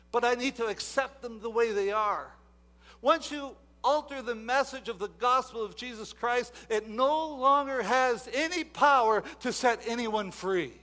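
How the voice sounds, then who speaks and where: A man preaching a sermon, moving from quiet asides to loud emphatic exhortation and repeating himself often. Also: high-pitched. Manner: repeats words and restarts often.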